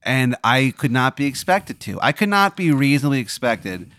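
A man's voice: medium pitch, very animated, normal speed, fairly bright tone, no room sound, studio quality. A young man on a comedy podcast, reacting to a ridiculous hypothetical with incredulous protests. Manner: incredulous, protesting, laughing along. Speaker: co-host.

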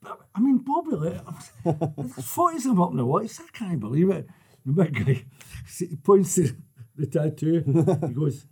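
Football yarns come from an older Scotsman chatting casually, his husky voice pitched high and his pace moderate. Laughter runs all through his animated storytelling.

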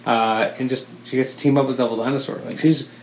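A man co-hosting a relaxed chat who rambles and corrects himself as he goes. He is enthusiastic. His voice sits at a middle pitch, and the room gives it a roomy echo over faint background ambience. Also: fast, a little hiss or hum. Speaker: podcast co-host. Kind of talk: casual chat.

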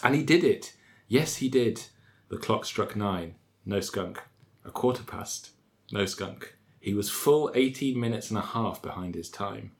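Low-voiced man reading with dry wit. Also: lively intonation, vocal fry. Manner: dry, slow and wry, often laughing. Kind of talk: casual chat and comic reading aloud.

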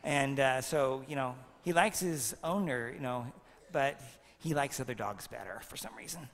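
A man's voice: medium pitch, normal speed, a little hiss or hum. A priest in his fifties giving a playful homily at a First Communion, quizzing the children with jokes. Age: 50s. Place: church. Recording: long reverb of a church.

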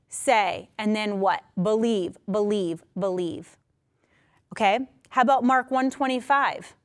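A woman with a somewhat high voice delivers a sermon. She talks emphatically and drives her points home by repeating short phrases. Now and then she slips into the voices of people from the stories she tells. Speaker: preacher.

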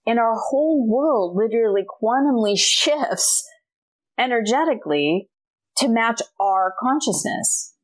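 A woman's voice: a little high, unhurried. A middle-aged woman, a guest author, telling a personal story in a casual interview and acting out the dialogue. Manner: animated storyteller, acts out quoted dialogue.

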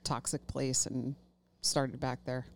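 Very low-voiced woman telling a story. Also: flat delivery, slow pace, darkish tone, a little hiss or hum. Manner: laughs mid-story, swears casually. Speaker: podcast co-host. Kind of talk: casual storytelling chat.

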